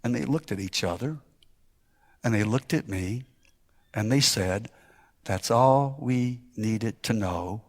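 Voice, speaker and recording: A man preaching as a missionary, telling a story emphatically, rising to shouts and falling to near whispers. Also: on the low side, takes it slowly, long pauses. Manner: emphatic, climbing to shouted exclamations, then dropping to a hush. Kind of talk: sermon storytelling.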